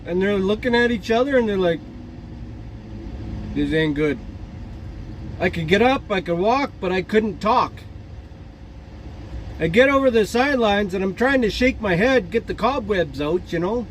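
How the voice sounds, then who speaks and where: A man's voice: sits high, lively intonation, moderate pace. A man in his forties chatting casually in a trucking vlog, telling rambling jokey stories with fillers and laughs. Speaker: trucker vlogger. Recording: faint outdoor traffic noise.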